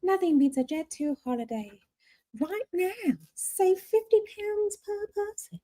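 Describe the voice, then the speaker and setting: A woman imitating a chirpy, upbeat female holiday ad announcer with a bright, salesy delivery. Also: extremely high pitch, expressive, slow pace, pitched above the performer's own voice, heavily acted. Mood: salesy cheer.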